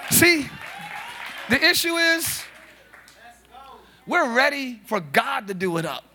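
A man preaching a live sermon as pastor, talking to the congregation in a loose, joking way and breaking into loud shouts. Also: extremely high pitch, big pitch swings, slow, some chatter behind, a little hiss or hum. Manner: conversational, jokey, bursts into shouts. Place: church sanctuary.

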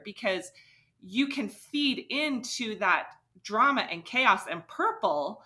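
A young woman co-hosting a podcast, telling a personal story in a lively way and acting out the quotes. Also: fairly high pitch, slow pace. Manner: animated, acts out quotes. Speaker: podcast co-host, daughter. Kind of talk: casual storytelling.

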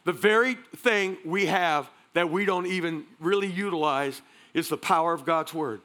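A man preaching a sermon as pastor, energetic, calling out to the congregation and joking between points. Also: a little high, normal speed. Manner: energetic preaching with crowd call-and-response; joking asides, repeats words.

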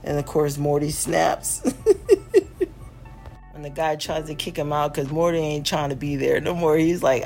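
Gravelly woman, laughing recap host. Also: sits low, normal speed, pauses often, soft background music. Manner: animated, laughs often, acts out characters' lines. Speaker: podcast host reviewing a cartoon episode. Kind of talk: casual recap chat.

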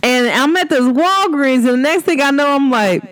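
This Cincinnati podcast host has a high-sitting voice with lively intonation and a normal speaking speed. Her talk with listeners is slangy and casual, punctuated by frequent laughter and re-enactments of what others said.

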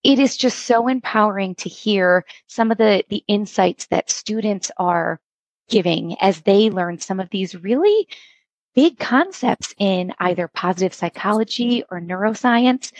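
A woman instructional coach telling stories in an earnest, animated way as a podcast guest. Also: mid-range voice, no echo, rough recording. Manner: earnest, animated storytelling with acted quotes. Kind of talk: podcast interview storytelling.

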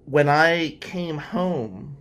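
A man's voice: on the high side, lively intonation, very slow, noisy background. A man telling a personal story in a candid, emotional way, with sighs along the way. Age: adult, past law school. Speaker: storyteller recounting his past.

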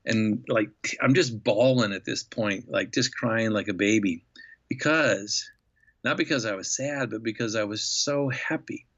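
A man telling an enthusiastic, reflective story as a guest in an interview, with many pauses and fillers. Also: on the low side, fairly bright tone, dull audio.

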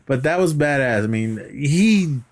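Man, podcast co-host, laid-back movie recap, swears a lot, animated storytelling. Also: on the high side, measured pace. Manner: animated retelling with acted-out quotes, swears freely, laughs often. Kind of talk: casual movie recap chat.

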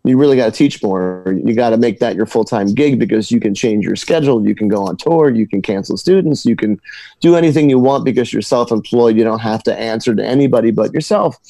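A guitar teacher and musician with a lowish, dark-toned voice tells stories in a casual interview. He's halting and chatty, repeating words and laughing as he goes.

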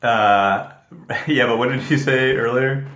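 A man co-hosting a podcast in casual chat, playful and teasing and quick to laugh. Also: mid-range voice, steady tone, fairly bright tone. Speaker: podcast co-host. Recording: echoey room, dull lo-fi sound.

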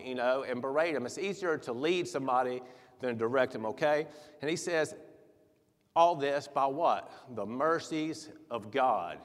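A man preaching a sermon in a church, soft-spoken at first, then louder and livelier with chuckles. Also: medium pitch, moderate pace. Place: church sanctuary. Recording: long hall reverb.

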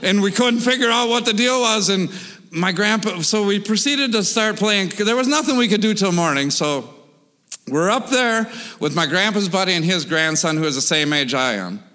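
A man casually telling a wild story with animated, profane delivery, full of sound effects and repetitions. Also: high voice, normal speed, in a large hall.

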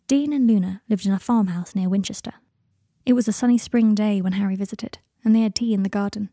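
A woman narrating a fan-fiction story in an even, steady storytelling manner. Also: medium pitch, brisk, no room sound, studio quality. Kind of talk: audiobook narration.

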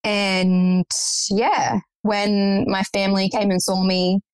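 A woman's voice: medium pitch, little pitch movement, slow, a little mellow, clean tone, no echo, poor audio. A young woman guest recounting a personal story in conversation, earnest and matter-of-fact.

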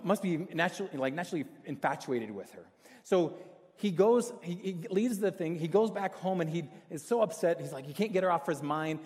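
Casual male pastor, somewhat high voice, animated storytelling sermon, long church-hall reverb. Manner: chatty, self-deprecating, animated storyteller.

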